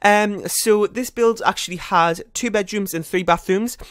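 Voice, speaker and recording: A man's voice: sits high, fairly bright tone, smooth, no room sound, studio quality. A man giving casual, rambling voice-over commentary on a building game, often correcting himself. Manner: fast, rambling, self-correcting chatter. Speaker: YouTuber.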